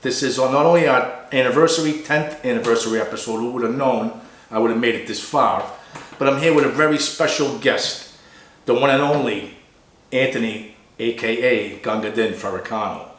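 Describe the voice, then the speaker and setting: A man with a Boston accent hosting a casual interview show, chatty and animated. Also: mid-range voice, moderate pace. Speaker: host. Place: barber shop. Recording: echoey barber shop.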